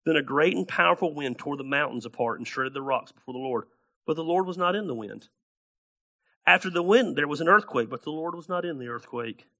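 A man preaching a sermon as pastor, animated and acting out the people in his Bible stories. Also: fairly high pitch, fairly quick.

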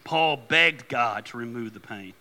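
A middle-aged male pastor preaching a sermon, an animated, joking storyteller who turns earnest. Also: mid-range voice, a little slow.

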